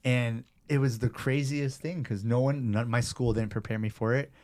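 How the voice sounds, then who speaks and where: A man's voice: mid-range voice, normal speed. Man telling stories in a podcast interview. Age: 30s. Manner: animated, conversational storyteller. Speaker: personal trainer guest. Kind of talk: casual storytelling interview.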